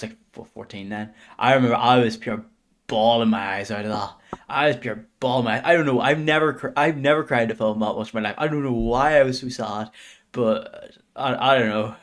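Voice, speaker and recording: A man's voice: mid-range voice, normal speed, fairly bright tone. A man in his twenties chatting casually and hesitantly on a reaction stream. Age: 20s. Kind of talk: casual chat.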